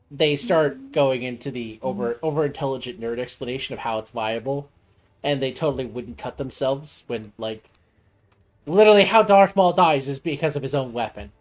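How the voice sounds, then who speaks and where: A man's voice: medium pitch, normal speed. A man streaming, chatting casually in a rambling, nerdy, teasing way. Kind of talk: casual chat.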